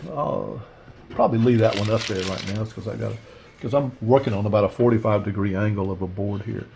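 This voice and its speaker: A man teaching a watercolor painting demo, talking through his steps in a relaxed, rambling way with lots of fillers. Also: lowish voice, gravelly, noisy background. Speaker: art instructor. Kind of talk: casual painting demonstration.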